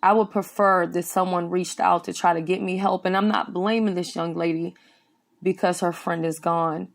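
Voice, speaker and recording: A woman's voice: on the low side, steady tone, normal speed, gravelly. A woman giving earnest, serious spoken commentary on a news story as an online commentator.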